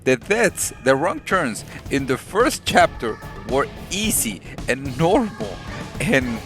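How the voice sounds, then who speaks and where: Brief: male streamer reading a horror game's text, unhurried, with a lively up-and-down voice and loud game music under him. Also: mid-range voice. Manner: unpolished reading with restarts and asides. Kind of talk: reading a horror visual novel aloud on a live stream. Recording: music playing behind.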